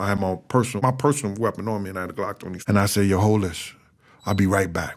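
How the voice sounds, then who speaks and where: A former bodyguard telling a story in an interview, animated and acting out what others said. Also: male voice. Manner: animated, acts out other people's lines with big jumps in pitch. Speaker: former bodyguard recounting events.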